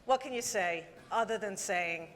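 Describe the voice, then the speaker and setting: A woman with a New York accent works the stage as host of a live Q&A, bright and energetic, belting out introductions. The audience is clearly audible around her, and the recording carries a layer of noise from the hall. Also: mid-range voice, moderate pace. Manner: energetic, shouting introductions to a crowd. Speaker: event host. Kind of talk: live Q&A hosting. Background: crowd noise.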